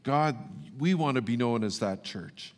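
A man's voice: medium pitch, lively intonation. Pastor guy praying, earnest and stumbly, medium voice, big echoey church. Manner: earnest, pleading prayer with repeated halting words. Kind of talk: sermon and closing prayer. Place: church sanctuary. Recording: long reverb of a church hall.

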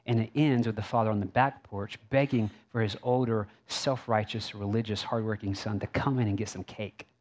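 A man's voice: fairly low pitch, fairly even intonation, moderate pace, few pauses, darkish tone. A male pastor preaching a sermon in a conversational way, with asides and rhetorical questions.

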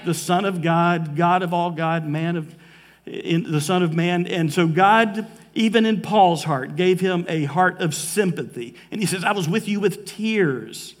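A male pastor preaches from the pulpit, his voice sitting high and carrying heartfelt conviction. He slows down to press his key points and turns emotional at times. A long reverb fills the church sanctuary behind him. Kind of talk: sermon. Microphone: live preaching mic.

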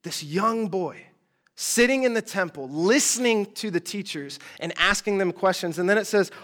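A man's voice: sits high, normal speed, a bit bright. Slangy, chatty young-sounding preacher man. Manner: chatty and slangy, with asides and mock exasperation. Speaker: preacher teaching a group. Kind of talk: casual storytelling sermon.

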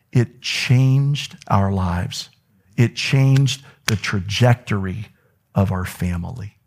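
A man preaching a sermon as a pastor in a church, telling stories with wide swings in pitch and dropping now and then to a whisper. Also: darkish tone, husky. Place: church sanctuary.

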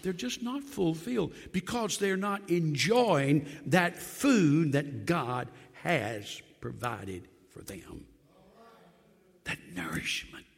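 An older man preaches with a rough, gravelly edge and a slightly raised pitch. He rises to loud, emphatic lines and falls to quiet asides. A long church-hall reverb trails after every phrase. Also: animated, slow, hardly any pauses. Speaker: pastor. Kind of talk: sermon.

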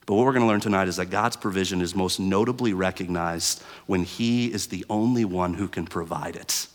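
A man preaching a sermon to a room of students, with a lively told story in it. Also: a little fast. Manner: animated storytelling, rising high and loud in the story. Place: church hall with students present. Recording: long hall reverb.

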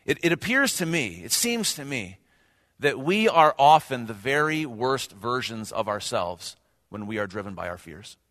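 A man's voice: medium pitch, big pitch swings, normal speed, a bit bright. Guy preaching a sermon, earnest, asks the room questions, long echo like a big church. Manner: earnest, rhetorical questions, rising emphasis. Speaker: pastor. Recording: long hall reverb.

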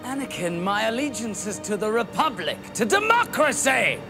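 A man's voice: extremely high pitch, very animated, moderate pace, creaky, full character voice. An actor playing a grieving, stern Jedi master who pleads with his fallen friend in a film clip. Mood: anguished. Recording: film clip with loud music.

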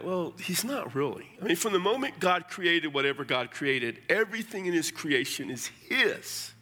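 A middle-aged man preaches a sermon in a conversational, folksy way, tossing in blunt asides. His voice is a bit high and bright, with a forceful edge. The sound carries the long reverb of a large church hall. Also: lively intonation, moderate pace, few pauses. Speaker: pastor.

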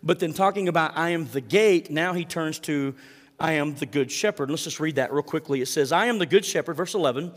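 In a big room, a pastor with a slightly high voice delivers a sermon at a fairly quick pace. He reads scripture and leads prayer in an earnest, conversational tone, with fillers and repeated words.

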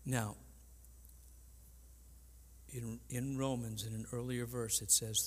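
An older man preaching a sermon as pastor, earnest and halting, with frequent restarts. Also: mid-range voice, flat delivery. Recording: long reverb in a large hall.

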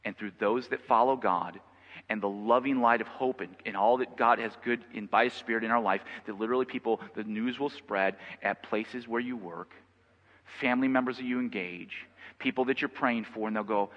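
A man preaching a sermon as pastor, conversational and repeating himself, rising to loud passionate stretches. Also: fairly low pitch, moderate pace. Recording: long reverb, dull lo-fi sound.

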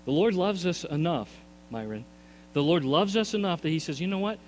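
A man's voice: a little high, animated, moderate pace. A male pastor preaching a sermon in a church, earnest, often repeating his words as his intensity rises and falls. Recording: long reverb in a hall, faint mains hum.

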